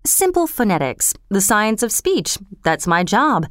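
A woman voicing a male speech expert who talks in a brisk, condescending manner. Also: medium pitch, sing-song, no room sound, studio quality. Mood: confident.

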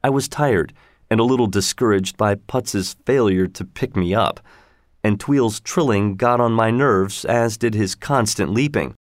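A man narrates a story in a steady, measured way. His voice sits in a middle pitch. The recording is dry and close. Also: dry recording. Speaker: audiobook reader. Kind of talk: scripted narration.

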